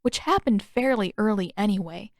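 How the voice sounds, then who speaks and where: A woman reading her own fanfiction aloud as a podfic with steady, even-paced storybook narration. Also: mid-range voice, normal speed, dry recording, clean studio sound. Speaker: fanfiction author and podfic reader.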